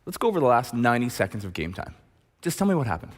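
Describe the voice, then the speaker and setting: A man's voice: medium pitch, big pitch swings, racing, in a large hall. A male pastor preaching in a conversational manner, often tossing rhetorical questions to the congregation. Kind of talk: sermon. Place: church auditorium.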